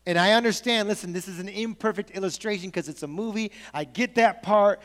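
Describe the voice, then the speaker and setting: Animated high-voiced pastor in reverberant hall. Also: male voice, a little fast. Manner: conversational, animated storytelling with asides. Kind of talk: sermon.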